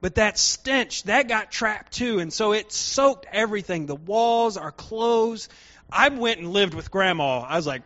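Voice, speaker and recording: A man preaching a sermon, telling a personal story in an animated way and acting out the voices of the people in it. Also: sits high, a little slow, lo-fi sound.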